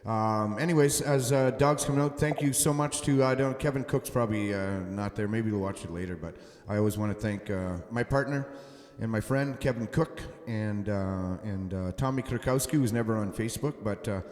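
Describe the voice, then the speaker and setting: A musician hosting a casual live stream from home, talking haltingly with many fillers and restarts. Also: male voice, lowish voice, darkish tone, echoey room, in a large hall.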